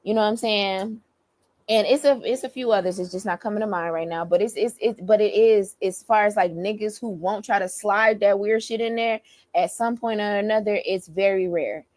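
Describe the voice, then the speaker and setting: A young woman, a battle rapper, telling a story in an animated, profane, emphatic rant. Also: medium pitch, moderate pace, no echo.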